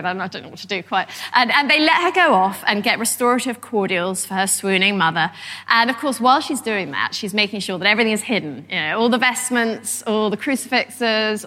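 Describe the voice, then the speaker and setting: A middle-aged woman giving a lively, conversational history talk with frequent restarts. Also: mid-range voice. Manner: animated, conversational, many fillers and restarts. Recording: long hall reverb.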